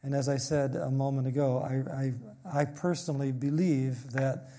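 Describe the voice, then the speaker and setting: A man's voice: medium pitch, steady tone, moderate pace, warm tone. A man preaching an expository sermon, reading scripture aloud and explaining it with emphasis.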